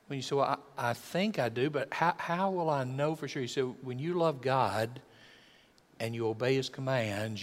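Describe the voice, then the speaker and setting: An older man, preaching a folksy sermon that swells from quiet to loud and acts out voices. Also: medium pitch. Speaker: pastor. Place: church sanctuary. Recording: long church hall reverb.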